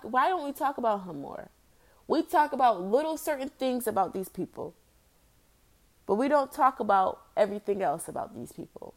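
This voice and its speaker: A young woman vlogging an opinion rant, blunt and exasperated, firing off rhetorical questions. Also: medium pitch. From United States.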